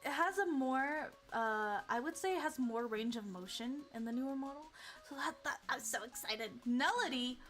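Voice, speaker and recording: A woman's voice: high voice, moderate pace, faint music behind. Bubbly, giggly young woman streamer. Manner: excitable and giggly, with many fillers and restarts. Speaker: VTuber streamer. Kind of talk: casual livestream chat.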